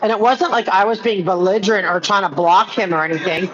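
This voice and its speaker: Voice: medium pitch, a little fast, a bit bright, slight background noise. A person chatting casually on a live stream, rambling with lots of "like" and restarts. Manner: rambling, many fillers and restarts. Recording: muffled with crowd chatter behind.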